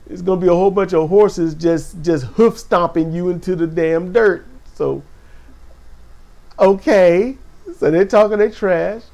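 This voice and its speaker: A man with a gravelly voice giving a casual, animated spoken recap of a show, acting out quotes with sudden high exclamations. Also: unhurried. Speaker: wrestling show recap host.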